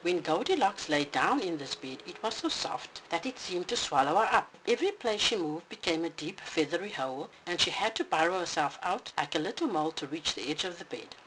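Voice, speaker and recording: Bedtime storybook narrator, lively expressive pitch, faint hiss behind. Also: brisk, hardly any pauses.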